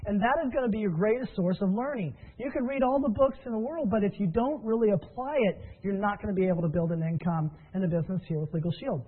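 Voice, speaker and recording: A man's voice: sits high, fast talker, few pauses, breathy edge. A man giving an upbeat, encouraging business training talk full of stories. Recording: tinny phone-line audio.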